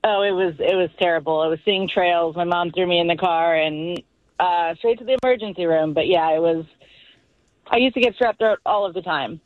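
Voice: medium pitch, fairly quick, no room sound. A caller phoning in to a radio show, recounting a past illness in a matter-of-fact way. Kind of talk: phone-in call. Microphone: phone. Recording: tinny phone line.

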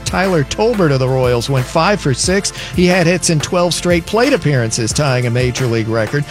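A man reads a sports news update with a brisk, matter-of-fact delivery. His voice sits a bit on the high side, and faint music runs beneath him.

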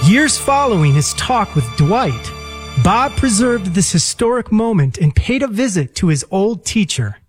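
A man's voice: high-pitched, very animated, measured pace, soft background music. A man reading scripted narration for a radio story segment.

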